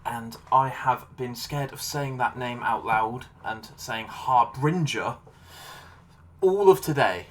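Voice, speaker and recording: A man's voice: mid-range voice, animated, a little slow, hardly any pauses, a bit bright, a little hiss or hum. A man hosting a casual podcast interview, with jokey, self-deprecating banter. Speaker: podcast host.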